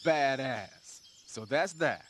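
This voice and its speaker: A man's voice: mid-range voice, slow, slight background noise. An actor voicing an eager, curious young male tech expert on the radio in a video game. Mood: excited. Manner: curious, excitable. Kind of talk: game voice acting.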